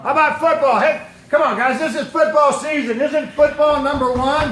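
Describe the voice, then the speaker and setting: A man with a high, light voice speaks as a pastor, quizzing his young listeners and repeating their answers back to them. He sounds like he is in a big echoey room. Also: normal speed, few pauses, a bit bright, a faint crowd. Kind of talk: talk to a youth football team.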